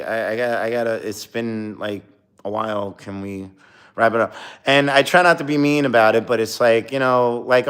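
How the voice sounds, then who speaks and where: A man's voice: mid-range voice, fairly bright tone, clean tone. A young man casually telling a long anecdote, rambling with many fillers and acting out quoted dialogue. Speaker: streamer. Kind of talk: casual storytelling.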